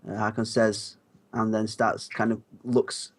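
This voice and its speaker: A man's voice: lowish voice, monotone, unhurried. A man playing a tabletop game who narrates his character's actions, hesitant, with many ums. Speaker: player.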